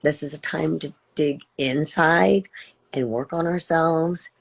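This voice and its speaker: An older woman speaks warmly but haltingly to her followers over a phone or video stream. Her voice is gravelly, and she talks slowly, gushing and stumbling into restarts as she rambles. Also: sits low, steady tone. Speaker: livestream host. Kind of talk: emotional live-stream chat.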